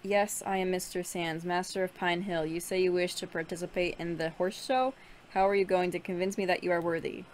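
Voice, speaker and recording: A woman's voice: on the low side, fairly even intonation, a little fast, slight background noise, natural voice. A woman reading the lines of a stern, doubtful male horse-show master in a game, in a plain voice close to her own. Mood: doubting.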